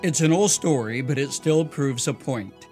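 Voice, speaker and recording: A man delivering a scripted devotional radio commentary in an earnest, measured and persuasive way. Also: mid-range voice, a little mellow, faint music behind.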